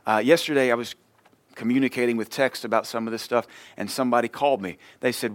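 A man's voice: medium pitch, fast, no room sound. Man preaching in a chatty, dry voice. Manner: conversational preaching, acts out short dialogues. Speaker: pastor. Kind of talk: sermon.

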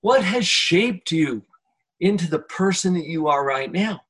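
A man hosting a podcast conversation, speaking in a slow, reflective coaching manner. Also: sits high, lively intonation, fairly bright tone, husky. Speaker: podcast host. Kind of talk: conversational interview.

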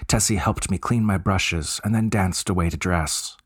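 Deep husky male story narrator. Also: no echo, clean studio sound. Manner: measured, gothic storytelling.

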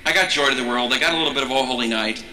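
A male priest speaks with a sharp, forceful tone and gives an animated, joking teaching talk. He breaks off and restarts his phrases. His voice echoes through a big hall with long reverb and some faint background noise. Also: medium pitch, rapid-fire. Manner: animated, jokey, self-interrupting. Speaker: Catholic priest.

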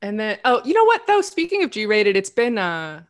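A woman's voice: mid-range voice, huge pitch swings, normal speed. A woman co-hosting a casual chat, giggly and talkative. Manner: giggly, chatty.

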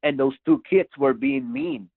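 A man's voice: sits high, sing-song, measured pace, creaky, husky, no echo. A man as a podcast guest, telling a story casually, rambling and repeating his words. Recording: dry tinny phone-like line.

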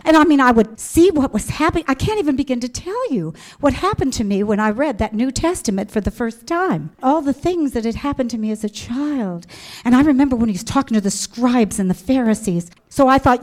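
A middle-aged Midwestern American woman shares a personal religious testimony with an audience, acting out things she once said. She is animated and emphatic, her voice a little high and her pace a little fast.

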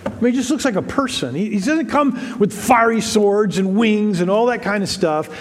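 A pastor with a high, light voice preaches in an easy, talky way to his congregation. He repeats himself, restarts phrases and slips into voices for the people he quotes. The sound carries a long reverb from the church sanctuary. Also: animated, moderate pace. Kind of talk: sermon. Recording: reverberant hall.

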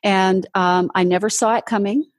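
A woman's voice: mid-range voice, steady tone, moderate pace, a little hiss or hum. A woman, a ministry leader, guest on an interview show, telling her personal testimony in an earnest storytelling way, acting out the voices she quotes.

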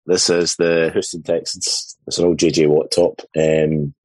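Scottish man, very deep voice, husky, dry joking podcast chat, dry close sound. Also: little pitch movement, a little slow, darkish tone, dry recording, poor audio. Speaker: podcast panelist. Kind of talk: casual chat.

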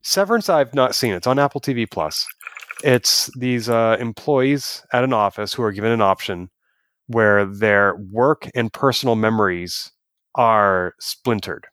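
Low-voiced man chatting on a podcast. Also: unhurried, dry recording, clean studio sound. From United States. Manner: chatty, animated storytelling with quoted asides. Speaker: podcast co-host. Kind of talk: casual review chat.

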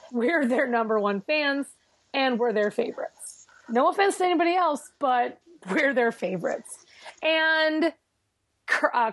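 High-voiced woman telling a playful story. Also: dry recording. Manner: animated, playfully boastful storyteller. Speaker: podcast co-host. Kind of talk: casual chat.

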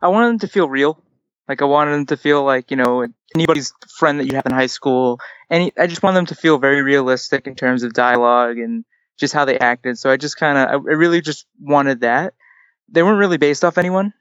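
A man's voice: mid-range voice, a little fast, a bit bright, clean tone, dry recording. A young man answering interview questions about his comic, rambling and hesitant with lots of "like". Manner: rambling, hesitant, heavy use of "like". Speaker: comic writer guest. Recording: dull lo-fi audio.

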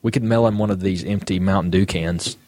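A man's voice: low voice, steady tone, fairly quick, a little mellow. A man co-hosting a podcast, chatting casually in a rambling, hesitant way. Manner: rambling, hesitant with many fillers. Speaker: podcast co-host. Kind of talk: casual chat.

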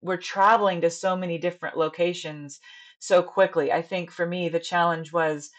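A woman's voice: fairly low pitch, steady tone, normal speed. A woman in her thirties, a stage director and actress, talking in a chatty, earnest way during a casual podcast interview.

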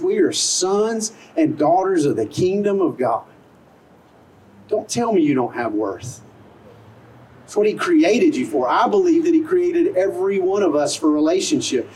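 A man's voice: a little high, warm tone, recorded from a distance, a little hiss or hum, poor audio. A middle-aged man preaching an outdoor sermon as pastor, earnest and conversational, full of rhetorical questions. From American South. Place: outdoor service in a parking lot.

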